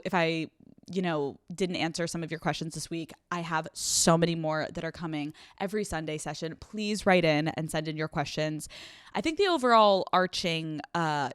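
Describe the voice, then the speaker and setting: A woman hosting a podcast, giving casual relationship advice in a blunt, profane and animated way, running on no sleep. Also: sits low, no echo, clean studio sound. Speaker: podcast host.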